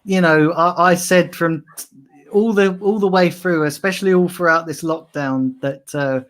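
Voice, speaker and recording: A man's voice: on the high side, fairly even intonation, normal speed, fairly bright tone. A man talking in a casual tribute chat, hesitant and heartfelt, with many restarts. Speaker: regular on fan channel stream.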